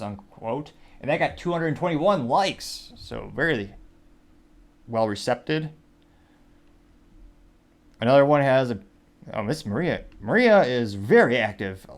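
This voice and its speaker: A man hosting a casual commentary show, wryly reading out posts and their like counts. His pitch sits in the everyday middle range for a man. He rambles through asides at a loose pace. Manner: wry, rambling, reads quotes aloud with "quote, unquote". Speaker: show host.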